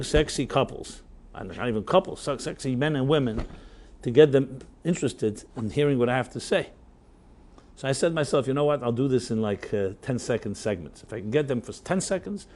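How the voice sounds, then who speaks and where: A man's voice: medium pitch, lively intonation, a little fast, darkish tone. Rabbi guy spinning a story at a workshop, chatty, lots of uhs and little laughs, keeps going "right?". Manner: anecdotal, chuckling, filler-heavy; conversational, audience tag questions.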